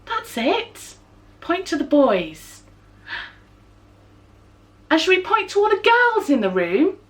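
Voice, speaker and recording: A woman's voice: high-pitched, huge pitch swings, takes it slowly. An English woman leading a children's storytime, reading a picture book aloud and coaxing little ones to make animal sounds. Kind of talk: reading a touch-and-feel book to young children.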